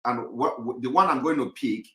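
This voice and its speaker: A man hosting a live call-in broadcast, speaking hesitantly with many fillers as he calms a caller. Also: medium pitch, normal speed. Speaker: host. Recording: roomy echo.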